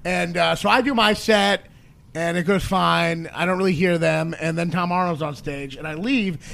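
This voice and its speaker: A man with a high, gravelly voice and plenty of fry tells a rambling story in casual podcast chat. He slips in quoted voices of the people he met. He speaks as a stand-up comedian among friends. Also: fairly even intonation, moderate pace, fairly bright tone.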